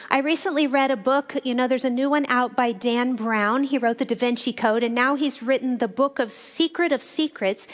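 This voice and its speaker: A woman minister giving a reflective Sunday sermon that unfolds as a story. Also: sits high. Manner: reflective, storytelling, with slowed phrases.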